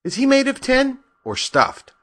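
A man voicing a big, timid male lion in an audiobook, speaking in a plaintive, high, loud voice. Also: huge pitch swings, measured pace, full character voice. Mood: wondering. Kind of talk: audiobook character voice.

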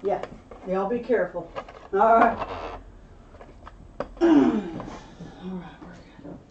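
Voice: medium pitch, slow pace. Helper off-mic, offhand remarks, echoey room, far from mic, noisy muffled sound. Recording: distant echoey noisy lo-fi audio.

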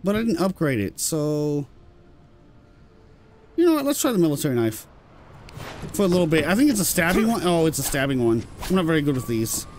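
A British man giving excitable let's-play commentary and swearing when surprised. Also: on the high side, brisk, pauses often, slight background noise. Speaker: gameplay commentator.

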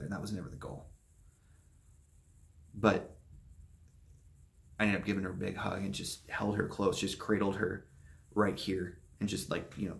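Gravelly low-voiced young man telling a painful story. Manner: soft-spoken, halting and emotional. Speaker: vlogger. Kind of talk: personal storytelling.

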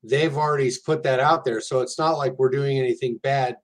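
An earnest man speaks plainly and candidly as a guest, with a mid-pitched voice and a steady, direct delivery. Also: fairly quick. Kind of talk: casual conversation.

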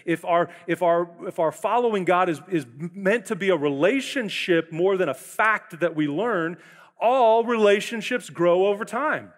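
A male pastor in his forties preaches to a large church, his high, bright voice carrying the story along. He tells it in animated bursts and slips into voicing the people in it. A long reverb hangs behind every line. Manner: animated storytelling, quick bursts and acted quotes. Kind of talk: sermon.

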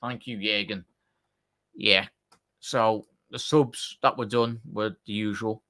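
A man hosting a live football watchalong, chatting to viewers and reacting excitedly to the play. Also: fairly low pitch, takes it slowly. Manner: excitable, chatty, addresses chat directly. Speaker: watchalong host.

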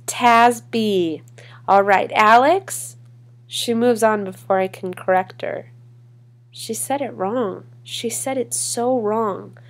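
A woman performing a spoken word poem in a measured, deliberate way with long pauses. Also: mid-range voice, a little mellow. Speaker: poetry reader. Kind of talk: spoken word poetry reading.

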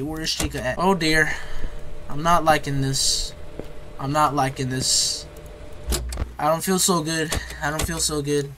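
Gamer dude commentating his playthrough, a bit high, keeps repeating stuff, clicky noisy background. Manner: jittery, repeats phrases, talks to viewers as bro. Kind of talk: let's play commentary.

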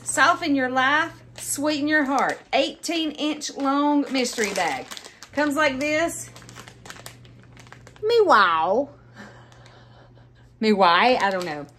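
At home indoors, a woman vlogger chats casually through a haul video, bubbly and gushing as she addresses her viewers directly as "y'all." Her voice sits high and a bit bright, with a little hiss or hum in the background.

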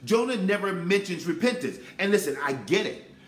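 Male preacher, sermon delivery, emphatic, lively intonation, roomy echo. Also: high-pitched, normal speed. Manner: emphatic, preachy, repeats "listen".

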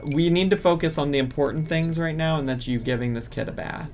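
A man's voice: fairly high pitch, brisk, hardly any pauses, darkish tone, faint music behind. A man streaming a life-sim game, ranting in exasperation at the characters on screen. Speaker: gaming streamer. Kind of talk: casual gameplay commentary.

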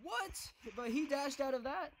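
A man swearing and raging at a game while he plays it, with loud yelled outbursts. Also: high-pitched, lively intonation, moderate pace, noisy background. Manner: yells and shouts in outbursts. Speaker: gamer streamer. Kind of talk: live gameplay commentary.

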